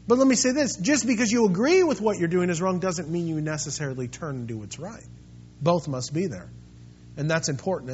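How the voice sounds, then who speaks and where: A man preaching a sermon as pastor, swinging between quiet, intimate stretches and loud, impassioned ones. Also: high voice, muffled recording, slight background noise.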